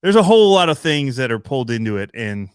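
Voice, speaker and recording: A man hosting a hobby channel livestream, chatting in a rambling, relaxed way with lots of fillers and little laughs. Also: mid-range voice, quick pace, smooth, dry recording, studio quality. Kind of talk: casual livestream chat.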